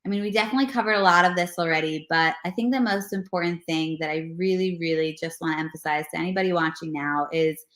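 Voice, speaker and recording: A woman's voice: fairly low pitch, fast, few pauses, echoey room. A pregnant woman, a personal trainer, talking casually and earnestly in a video interview, with lots of "like" and "you know". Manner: earnest, animated, many fillers like "like" and "you know".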